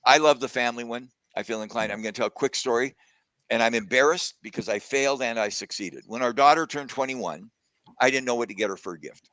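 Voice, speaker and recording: A man talks through a video call, sharing a personal story in an earnest, reflective way. His voice is close and dry, with no room around it, and his pitch sits in the middle. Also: quick pace, no room sound. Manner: warm reflective storytelling, gets emotional. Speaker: guest speaker. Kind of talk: casual conversation on a video call.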